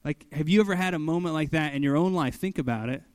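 A man's voice: fairly high pitch, fast talker, clear, resonant tone, dry recording. A young adult man giving casual Bible teaching as a pastor, conversational, often saying "like" and "okay" and voicing quoted lines with animation.

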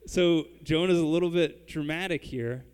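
A man delivers a sermon in a relaxed, conversational way, talking straight to his listeners. His voice sits a little high for a man. A long reverb trails behind him in the church hall. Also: normal speed, smooth. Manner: conversational, addresses the congregation directly. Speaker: pastor.

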